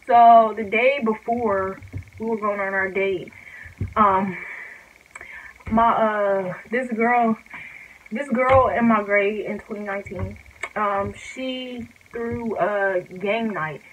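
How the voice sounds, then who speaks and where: A woman's voice: mid-range voice, fairly even intonation, takes it slowly, slight background noise, low-quality recording. A young woman telling a casual storytime vlog, rambling and chatty with lots of filler words. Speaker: vlogger.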